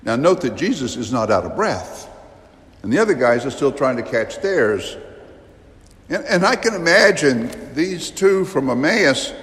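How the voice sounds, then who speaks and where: Priest, male, unhurried sermon delivery, vivid and emphatic, big church reverb. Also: mid-range voice, big pitch swings, a bit bright. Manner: slow, emphatic, vivid storytelling with sudden rises. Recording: long reverb of a large church.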